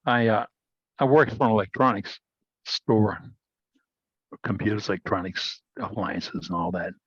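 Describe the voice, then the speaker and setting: A man's voice: on the low side, unhurried, husky, no room sound. A man chatting on a video call, drifting through a long, rambling anecdote. His voice comes through dull and dry, with no room sound around it. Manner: rambling storyteller with restarts. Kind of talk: casual video-call chat.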